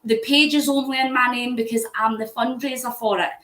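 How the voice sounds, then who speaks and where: Her voice sits on the high side, steady in tone, a little fast and fairly bright, captured in an echoey room on a low-quality recording. She's a Scottish woman from near Glasgow, a fundraising vlogger who chats on a live stream, answering comments aloud and laughing a lot while she cycles.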